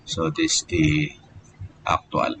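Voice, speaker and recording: A man's voice: takes it slowly, background noise. A man, an engineering professor, giving a live online lecture and explaining step by step, with many "okay" and "so" fillers.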